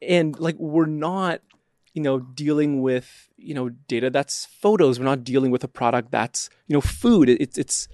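Gravelly-voiced hesitant male guest. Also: mid-range voice, normal speed, darkish tone, dry recording, studio quality. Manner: hesitant, restarts often, fillers. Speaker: startup founder guest. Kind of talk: casual interview answers.

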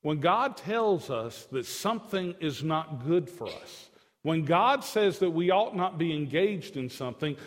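High-voiced impassioned preacher man. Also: lively intonation, a little slow, in a large hall. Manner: impassioned, swings from loud to hushed. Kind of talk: sermon.

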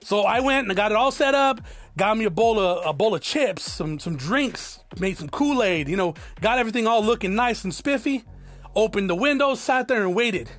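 Man, 40s, from Tucson, high voice, profane, preachy motivational vlog, soft background music. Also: lively intonation, normal speed, no echo. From South Tucson, Arizona. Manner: blunt, profane, preachy, addresses viewers as guys. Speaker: entrepreneur vlogger. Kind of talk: motivational monologue to camera.

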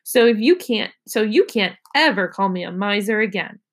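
A woman's voice: medium pitch, lively intonation, normal speed. A woman reading aloud, voicing a proud, bossy young girl with a snappy, indignant way of talking.

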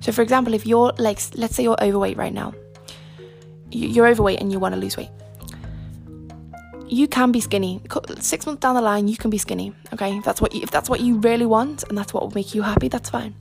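Chatty young woman with a creaky voice. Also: on the high side, fairly even intonation, fairly quick, a little mellow, soft background music. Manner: chatty, rambling, frank, with frequent fillers and asides. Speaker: podcast host. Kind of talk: casual chat.

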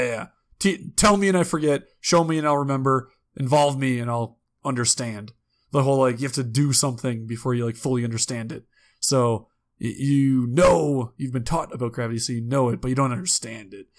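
A man's voice: mid-range voice, brisk. A man co-hosting a casual chat, telling rambling stories with many fillers and restarts.

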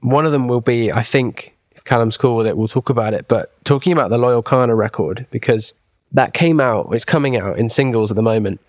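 A man's voice: medium pitch, fairly quick, no echo, studio quality. A man, co-hosting a podcast in casual chat, rambling enthusiastically with many asides and restarts. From England. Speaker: podcast co-host.

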